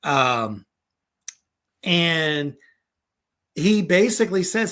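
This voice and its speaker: A man's voice: medium pitch, takes it slowly. A man hosting a horror film review show, talking casually with profanity, lots of fillers and frequent laughs. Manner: profane, excitable, rambling with many fillers; laughs often.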